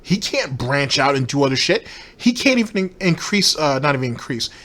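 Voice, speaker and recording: A man's voice: a little high, very animated, brisk, a bit bright. A man hosting a commentary channel, ranting in a rambling, sarcastic and profane way.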